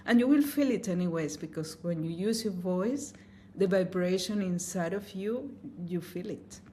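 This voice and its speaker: A woman sound healer answering interview questions in a gentle, earnest, sometimes emotional way. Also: fairly low pitch, expressive, moderate pace, a little hiss or hum. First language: Spanish. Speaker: sound healer and opera singer.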